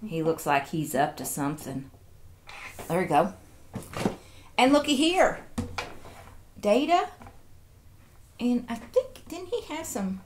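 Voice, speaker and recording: A woman's voice: mid-range voice, sing-song, slow pace, pauses often, a little mellow, slight background noise. A woman, chatting casually while unboxing toys and cooing over each one. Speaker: toy collector vlogger.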